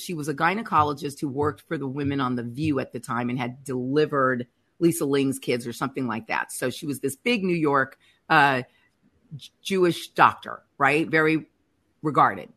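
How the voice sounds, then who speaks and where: A woman's voice: sits low, normal speed, slightly rough. A middle-aged woman candidly telling a personal faith testimony on a podcast, acting out what people said. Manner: candid, animated retelling with acted-out quotes. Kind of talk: personal testimony, casual storytelling.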